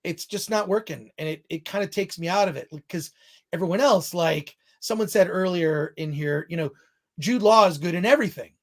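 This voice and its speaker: A man's voice: high-pitched, moderate pace. A man hosting a film review show in casual chat, rambling off on tangents and restarting his sentences often.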